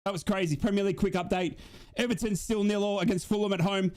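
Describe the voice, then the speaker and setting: A man's voice: high voice, steady tone, quick pace. A young man doing a live fan watch-along of a football match, chatting and reading out donations. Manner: chatty, reads out donations, yells at goals.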